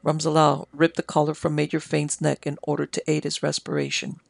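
An audiobook narrator reading a story in a measured, dramatic way. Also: medium pitch, big pitch swings, creaky, no room sound. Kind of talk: scripted narration.

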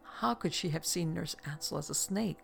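A storybook narration read in a measured, steady way. The voice is heavily gravelly and full of fry, at an ordinary middle pitch. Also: soft background music. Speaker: audiobook narrator. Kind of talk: scripted narration of a novel.

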